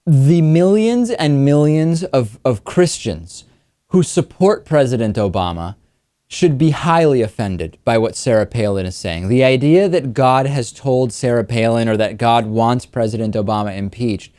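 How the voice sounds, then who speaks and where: A man hosting a political talk show, giving wry, quick commentary with frequent restarts. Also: medium pitch, expressive, dark tone, dry recording, studio quality. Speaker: host.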